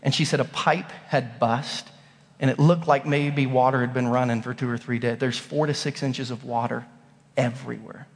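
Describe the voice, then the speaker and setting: A man in his thirties preaching a sermon in a church, telling stories in an animated way and acting out the voices. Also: medium pitch, normal speed. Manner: animated storytelling, acts out voices. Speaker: pastor. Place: church sanctuary. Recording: long hall reverb.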